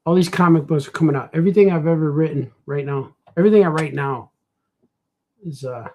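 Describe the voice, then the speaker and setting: A man with a slightly high, husky voice talks loosely as he sketches. He rambles and jokes to himself in a relaxed way. Nothing about it sounds scripted. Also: a little fast. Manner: rambling, playful, jokey asides to himself. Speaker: cartoonist. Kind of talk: casual chat while drawing.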